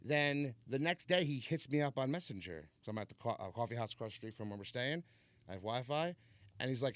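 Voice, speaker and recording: A man's voice: medium pitch, brisk, dry recording. Man telling a story on a dry podcast mic. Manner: animated storyteller, swears freely. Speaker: podcast host. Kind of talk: casual chat.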